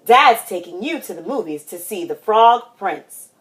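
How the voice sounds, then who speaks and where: A woman voicing a gentle, patient mother frog in a storybook reading. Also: medium pitch, animated, unhurried, close to an everyday voice.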